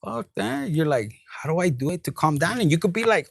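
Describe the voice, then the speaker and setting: A man giving a tarot reading, his voice sitting a little high and full of gravelly fry. He swears freely and switches between English and Spanish. The sound is dry and close. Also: fairly quick, dry recording. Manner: profane, animated, switches into Spanish. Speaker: tarot reader.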